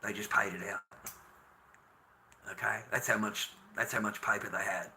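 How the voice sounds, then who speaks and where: An Australian man rants to camera in a bitter, swearing monologue. His voice is bright and sharp. He lurches from angry outbursts down to low, resentful muttering. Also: flat delivery, normal speed, gravelly, a little hiss or hum, poor audio. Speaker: vlogger.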